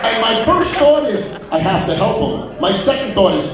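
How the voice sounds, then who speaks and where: Loud music plays behind a stand-up comedian whose high voice is very animated at a moderate pace. He spins profane stories, voicing many acted-out quotes in different characters, captured from a distance with the roomy sound of a live comedy venue.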